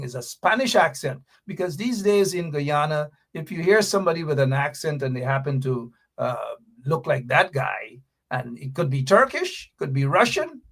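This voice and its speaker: A man's voice: a little high, a bit bright. Emphatic male political commentary host. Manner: emphatic, repetitive and indignant.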